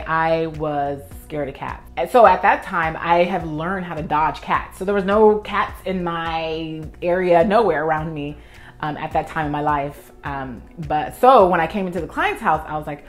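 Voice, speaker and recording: A young woman, a professional organizer, telling an animated story in a vlog while she tidies, acting out her own past reactions. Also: deep voice, fairly quick, faint music behind.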